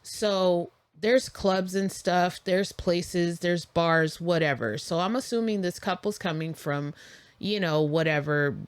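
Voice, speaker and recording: A woman with a somewhat low voice chats through a story as a podcast host, loose and conversational, leaning on likes and you-knows. The sound is close and dry, with no room around it. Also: slow, smooth, no echo. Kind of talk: casual storytelling.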